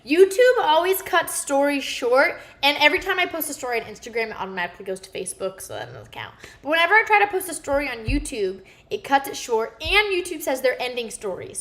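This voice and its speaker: A woman's voice: high-pitched, a bit bright, roomy sound. A goofy, rambling woman, chatting casually with viewers while cooking live in her home kitchen.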